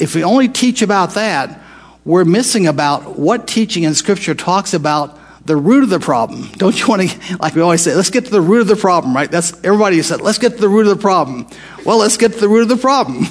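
Man, Bible study teacher, somewhat high voice, conversational, repeats for emphasis. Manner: conversational, asks questions, repeats phrases for emphasis.

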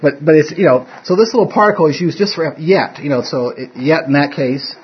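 In a dull, lo-fi room recording, a man with a fairly high, slightly rough voice teaches a casual Bible study a little fast. He wanders off track, cuts himself off to fix what he said, and chuckles frequently.

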